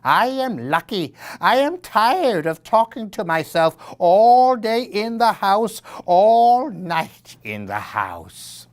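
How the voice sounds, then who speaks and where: A chatty little old lady from a spooky storybook, lonely and easily frightened, as a man puts her on. Her voice climbs high and swings widely between lines. She speaks slowly, with excited exclamations. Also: exaggerated voice. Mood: kindly.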